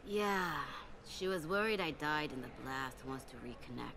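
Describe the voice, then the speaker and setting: A gravelly, doubtful shelter resident. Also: female voice, low voice, animated, normal speed, noisy background. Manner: doubtful, subdued. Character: wary woman shelter resident.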